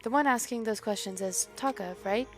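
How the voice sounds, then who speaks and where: Woman voicing a soft, polite computer program. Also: mid-range voice, a little fast, soft background music, close to an everyday voice. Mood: gentle. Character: gentle, polite computer program with a boy's personality.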